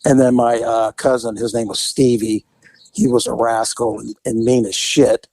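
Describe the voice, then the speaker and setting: A man's voice: moderate pace, no echo, low-quality recording. A man co-hosting a podcast, telling a family story in casual chat and acting out the people in it. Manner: animated storyteller, acts out quotes in high voices. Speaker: podcast co-host.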